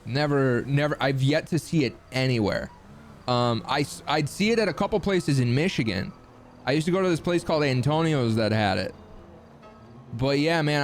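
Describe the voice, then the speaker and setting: A young Midwestern American man with a fairly high-pitched voice chats casually with his stream chat. He swears freely and makes lively asides.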